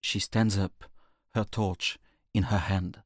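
A man narrating a storybook in a clear, measured storytelling manner. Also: on the low side, level tone, dry recording, studio quality.

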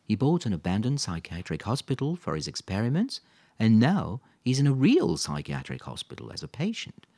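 A man reading aloud, voicing a cheerful mother who speaks in a brisk, reassuring way. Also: lowish voice, huge pitch swings, darkish tone, no echo, clean studio sound, pitched above the performer's own voice, full character voice. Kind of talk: audiobook character voice.

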